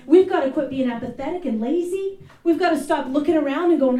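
A woman's voice: high voice, a little fast, dark tone. A woman elder preaching a fervent, exhorting sermon at a church fellowship service. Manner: fervent, exhorting, rising to urgent bursts. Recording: echoey room, voice from far off.

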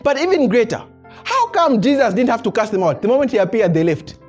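A male pastor delivering a sermon to a responsive congregation, his pitch rising and falling freely as he drives each point home. He chuckles between phrases and repeats words as he builds momentum, with soft music playing faintly behind him. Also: a little fast, breathy edge. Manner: animated preaching with frequent chuckles and repeated words. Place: church service before a congregation.

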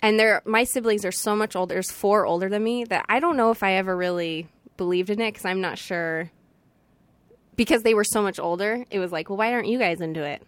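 Smooth-voiced woman chatting. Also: mid-range voice, fairly quick, no echo. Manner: chatty, thinking aloud. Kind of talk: casual chat.

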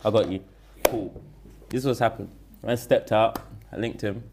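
A man's voice: lowish voice, normal speed, vocal fry, noisy background. A young man with a London accent, a guest telling a story in a casual interview, rambling and full of street slang. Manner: slangy, rambling, animated when retelling.

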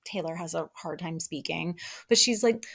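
A young woman hosts a casual chat recap, talking in a friendly, gossipy way. She is animated and often puts on other people's voices to replay what they said. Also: lowish voice, moderate pace, vocal fry, husky. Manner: chatty and animated, acts out quotes in put-on voices. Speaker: podcast host recapping reality TV.

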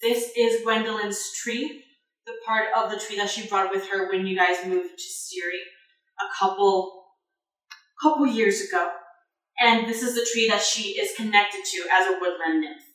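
A woman's voice: mid-range voice, moderate pace, fairly bright tone. A woman narrating as game master of a tabletop game, rambling with many fillers. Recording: echoey room, far from mic.

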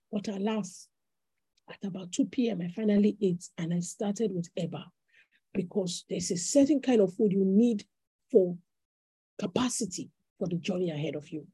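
Woman, Nigerian accent, husky and dark voice, animated sermon. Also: a little high, normal speed, no room sound. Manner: animated preaching, acts out voices in anecdotes. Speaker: pastor.

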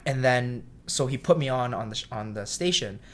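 A man who works as a cook is telling a story in a relaxed interview, and he has a voice of average pitch. He acts out the people in his story and sometimes shouts their lines. Faint room ambience sits behind him. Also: moderate pace, slight background noise. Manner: animated storyteller, acts out quotes loudly; self-described shy.

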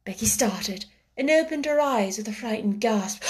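A woman narrates a classic children's story in a voice pitched somewhat high for a woman. Her delivery is expressive and shifts with the story, at times sinking to a hushed whisper. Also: moderate pace. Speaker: audiobook narrator.

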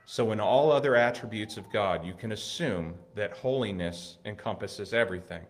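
A man preaching a sermon in an earnest way, building to excited emphasis and then dropping soft. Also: on the low side, moderate pace.

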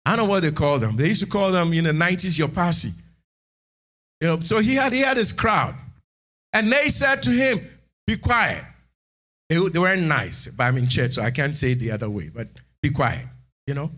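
A man preaching a sermon in church, animated, moving between hushed asides and shouted lines. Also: on the high side, a little fast. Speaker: pastor.

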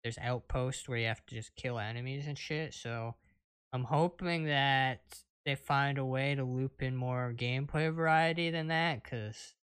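A man co-hosting a podcast, giving gaming news in relaxed, casual talk full of fillers and swearing. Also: medium pitch, a little slow, clean tone. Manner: laid-back, lots of fillers and swearing. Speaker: podcast co-host.

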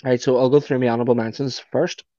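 Sweary lad, dry muffled sound. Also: male voice, mid-range voice, quick pace, dry recording. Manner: sweary, joking, animated storytelling. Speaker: podcast co-host. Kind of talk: casual chat.

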